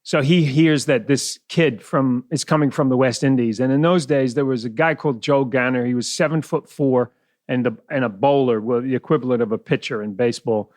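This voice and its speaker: A man's voice: mid-range voice, a little fast, a little mellow, no echo, clean studio sound. A middle-aged man from New Zealand with a blended New Zealand and West Indian accent, chatting as a podcast guest and telling stories with frequent laughs. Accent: mixed New Zealand and West Indian. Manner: chatty storyteller, laughs often. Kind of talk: casual podcast conversation.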